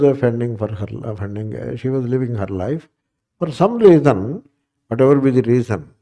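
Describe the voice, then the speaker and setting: Dark-toned man teaching a class. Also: mid-range voice. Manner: repetitive, asks the listeners questions. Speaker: Vedanta teacher. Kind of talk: spiritual class lecture.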